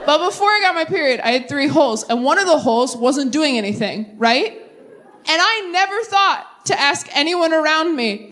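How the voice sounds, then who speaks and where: Woman doing stand-up on a club stage, bouncy pitch all over, self-mocking asides. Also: expressive, moderate pace, a bit bright. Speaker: stand-up comedian. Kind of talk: stand-up set with crowd work. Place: comedy club stage with audience.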